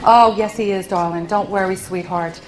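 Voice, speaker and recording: A woman working as a psychic medium, giving readings to an audience in a gentle, consoling way and calling people honey and sweetheart. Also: mid-range voice, fairly even intonation, moderate pace, a little hiss or hum. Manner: soothing, endearments, relays messages.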